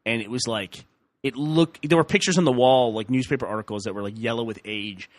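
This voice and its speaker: A man's voice: medium pitch, fairly quick, a little hiss or hum. A young man from Texas hosting a podcast, telling stories in casual chat and laughing often. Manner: animated storyteller, laughs often. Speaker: podcast host.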